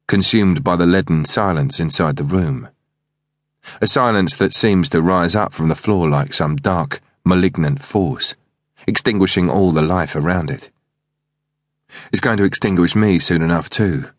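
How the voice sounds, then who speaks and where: A man narrating an audiobook thriller in the first person, reading in a measured, steady way. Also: low voice, no echo, studio quality.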